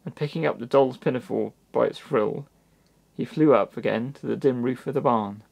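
Man reading a kids book out loud, gentle, gravelly, chats a bit between pages. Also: mid-range voice, normal speed. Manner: gentle, with asides to the listener. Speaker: storybook reader. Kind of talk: reading a children's book aloud.

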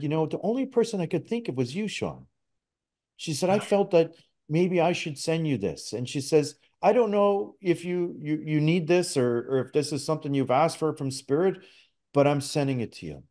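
A man's voice: on the high side, a little mellow. A middle-aged man from Canada, a podcast guest telling a personal story in a casual, earnest way with frequent restarts. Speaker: podcast guest, spirit talker.

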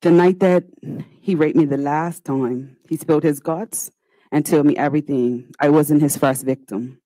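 A woman's voice: low voice, steady tone, dark tone, no room sound, poor audio. A woman senator, giving a formal, earnest, pleading speech in a legislative chamber. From Bermuda. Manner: earnest, pleading, with slow deliberate pauses.

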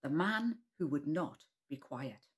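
A preschool worship leader with a low voice speaks slowly but with lively intonation. She leads a church session for young children, telling them a story and guiding them through call-and-response.

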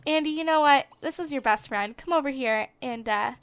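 A young woman giving chatty, excitable let's play commentary as a gaming channel host on a desktop microphone at home. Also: high-pitched, fairly quick, clean tone. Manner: chatty and excitable, gasping at surprises. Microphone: desktop USB microphone.

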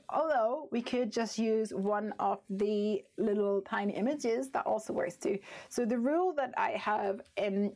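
A woman hosting a live crafting stream from her home craft room, chatting casually and thinking out loud as she works. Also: mid-range voice. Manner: chatty, thinks aloud, easily distracted.

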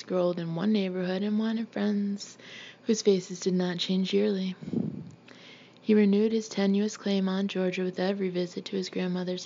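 A woman reading a novel aloud in a steady, measured way, now and then clearing her throat. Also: medium pitch, lo-fi sound, a little hiss or hum. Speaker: audiobook reader.

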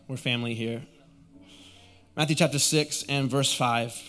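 A man's voice: medium pitch, steady tone, measured pace, a bit bright, soft background music. A young adult man preaching a sermon as a guest pastor, drawing the congregation in and having them repeat phrases back. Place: church auditorium.

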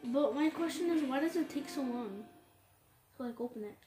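Woman, gaming commentator, high voice, excitable, roomy echo. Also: moderate pace, music in the background. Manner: excitable, frequent exclamations. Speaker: gaming channel host. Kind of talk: casual gameplay commentary. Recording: roomy echo with steady background noise.

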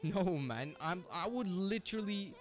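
Young guy streaming a game, chatty and slangy, laughs a lot, kinda high voice. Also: lively intonation, unhurried, soft background music. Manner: chatty, slangy, laughs often, many restarts. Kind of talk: casual live-stream chat while gaming.

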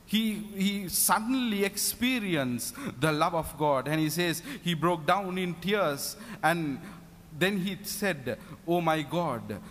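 A man's voice: sits high, animated, slow, fairly bright tone. A man preaching a sermon at a prayer meeting, fervent and given to repeated hallelujahs. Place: prayer meeting in a reverberant hall. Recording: long hall reverb.

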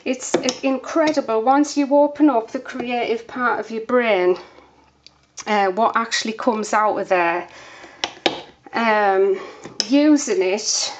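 A woman's voice: on the high side, lo-fi sound, a little hiss or hum. A woman soap maker chatting casually through a demonstration, a bit out of breath, with lots of fillers. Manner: chatty, unhurried, many fillers.

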